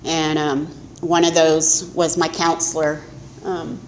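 A woman's voice: sits low, flat delivery, takes it slowly, slight background noise. Candid middle-aged woman sharing her testimony. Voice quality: candid, self-mocking. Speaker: recovery speaker. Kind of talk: personal testimony talk. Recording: echoey room with faint ambience.

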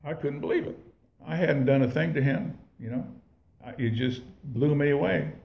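In an echoey room, a man tells an audience about his recovery in a rambling, folksy, profane style, restarting often. His voice is a little high and a little mellow, with vocal fry, at a normal speed.

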